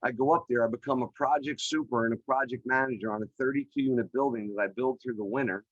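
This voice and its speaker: A middle-aged man, a podcast guest, telling his career story in an energetic, chatty way with many fillers over a video call. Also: mid-range voice, fast, dry recording, highs cut off. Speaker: podcast guest, real estate developer. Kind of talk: animated storytelling in an interview. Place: remote call.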